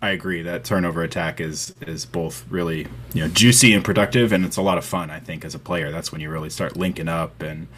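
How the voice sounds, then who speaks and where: A man's voice: low voice, fairly even intonation, a little fast, hardly any pauses, a bit bright, a little hiss or hum. A man co-hosting a casual podcast, friendly and agreeable as he responds to the guest. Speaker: podcast co-host.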